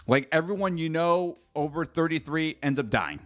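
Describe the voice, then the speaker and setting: A man's voice: fairly high pitch, lively intonation, moderate pace, fairly bright tone, soft background music. A man streaming a casual live reaction, rambling and chatty, swearing freely and talking straight to his chat.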